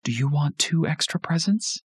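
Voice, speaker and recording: A man's voice: animated, normal speed, breathy edge, dry recording. A man voicing a pushy Santa-costumed dad. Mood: bossy. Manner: bossy, booming. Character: father dressed as Santa, gruff and pushy.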